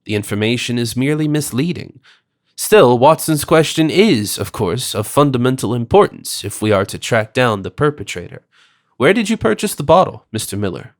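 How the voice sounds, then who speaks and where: A man voicing a composed, sharp male detective who questions people with precise authority. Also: medium pitch, very animated, moderate pace. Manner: precise and commanding.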